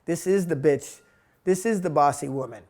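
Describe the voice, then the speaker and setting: A man's voice: on the high side, normal speed, a little mellow. A man giving a spiritual talk in a blunt, emphatic monologue, swearing freely. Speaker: spiritual teacher.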